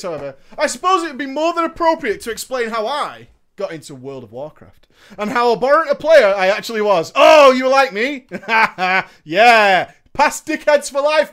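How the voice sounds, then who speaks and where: Reading gaming stories sent in by viewers, this man has a bright, high voice whose pitch leaps around from one line to the next. His casual storytelling chat is animated and profane, broken up by crude jokes and plenty of laughing.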